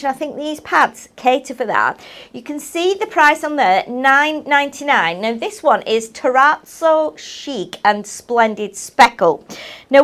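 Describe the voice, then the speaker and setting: A high-pitched woman hosts a live craft show. Her talk is chatty and friendly, full of little tag questions and ums as she shows off products. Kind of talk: live product demo chat.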